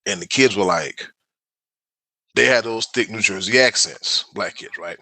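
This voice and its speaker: Bright-voiced South Carolina man telling stories. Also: lowish voice, a little slow, dry recording. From South Carolina, USA. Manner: animated storyteller, laid-back and joking. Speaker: podcast co-host. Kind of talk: casual chat.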